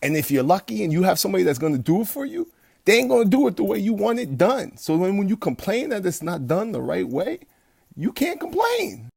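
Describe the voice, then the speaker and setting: A fitness coach talking bluntly and profanely from home at night, rambling with restarts and turning loud and heated as he rants. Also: high-pitched, very animated, fast, vocal fry, breathy edge, dry recording, studio quality. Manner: gets loud and heated when ranting. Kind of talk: late-night livestream pep talk.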